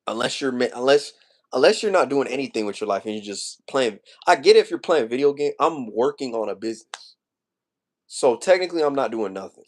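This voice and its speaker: A man's voice: mid-range voice, expressive, a little fast. A young man in his twenties rants casually to his livestream chat. He talks in loose slang, circles back over the same points and sounds emotional as he vents. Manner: casual slangy rant, repeats himself, emotional. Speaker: streamer.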